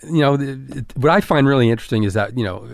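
Casting: quick, halting middle-aged chef guest, dry close sound. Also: male voice, medium pitch, creaky, dry recording. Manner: halting, many restarts and fillers. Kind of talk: casual interview chat.

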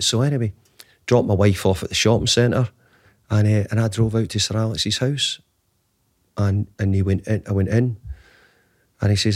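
A man's voice: lowish voice, normal speed, pauses often, no echo, studio quality. A man in his fifties, a guest telling a long anecdote in an interview, rambling with frequent restarts. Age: 50s. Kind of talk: storytelling interview answer.

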